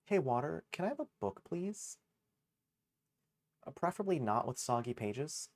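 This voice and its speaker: A man's voice: a little high, sing-song, unhurried. Rambling, self-mocking male streamer. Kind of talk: casual gaming livestream chatter.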